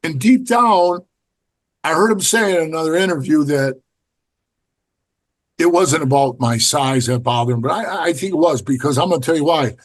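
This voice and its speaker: Man, middle-aged, slightly high voice, husky, blunt and profane, animated storytelling. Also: normal speed, long pauses. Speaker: podcast guest, former biker club member. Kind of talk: casual storytelling interview.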